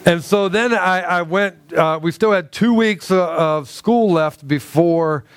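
A pastor tells a story from the pulpit in a smooth, resonant voice that sits a little high for a man. He keeps it chatty and self-deprecating and lowers his voice for quoted lines. The sound is close and dry. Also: measured pace, dry recording. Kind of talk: sermon storytelling.

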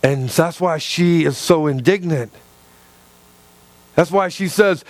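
In a church, a man delivers an impassioned, repetitive sermon, acting out quoted lines as his volume swings between loud and soft. His voice sits a little high, he takes his time, and the recording is dry.

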